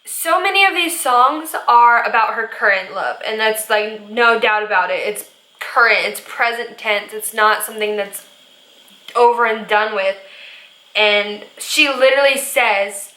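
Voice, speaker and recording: A young woman vlogger reacting to music, gushing and rambling excitedly with lots of fillers. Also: a little high, unhurried. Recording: echoey room.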